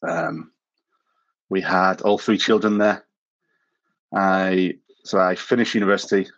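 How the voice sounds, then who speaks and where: A man with a lowish voice talks casually as a podcast guest, working his way through long personal anecdotes. He was born in South Africa and tells his stories with a self-mocking streak, often breaking into a chuckle at his own expense. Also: steady tone, measured pace, a bit bright, muffled recording. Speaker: podcast guest, former missionary. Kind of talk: casual anecdotal interview talk.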